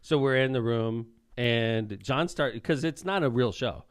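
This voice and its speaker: A man co-hosting a podcast, telling stories in a joking, animated casual chat. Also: medium pitch, a little slow, clear, resonant tone, no echo, clean studio sound. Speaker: podcast co-host.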